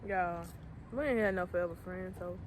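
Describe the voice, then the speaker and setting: A young woman co-hosting a casual chat outdoors, drawing her words out slowly. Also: on the low side, slight background noise. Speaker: co-host.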